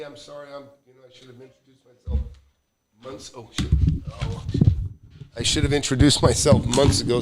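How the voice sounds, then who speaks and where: Middle-aged male host, casual live-stream chat, loose and rambling, lots of uhs and restarts. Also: medium pitch. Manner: rambling storytelling with many fillers and restarts. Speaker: real estate investor hosting a live Q&A.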